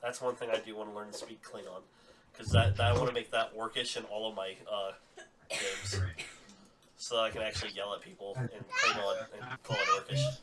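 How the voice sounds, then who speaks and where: A man running a tabletop game as dungeon master, chatty and quick to laugh, talking casually at home. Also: fairly low pitch, wildly swooping pitch. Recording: distant mic with clear background noise.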